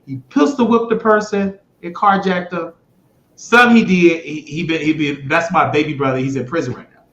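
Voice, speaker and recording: Man, show host, rambling monologue, blunt and profane, slightly high voice, echoey room. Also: fairly even intonation, moderate pace. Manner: rambling, blunt, swears freely; swings between loud bursts and mutters. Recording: echoey room, dull lo-fi sound.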